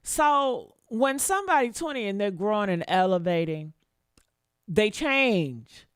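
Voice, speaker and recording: A woman commentator rants in a casual, preachy way, blunt and full of profanity. Her voice sits at an ordinary middle pitch for a woman. The recording is dry and close, with no room echo. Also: animated, measured pace, smooth. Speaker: online commentator.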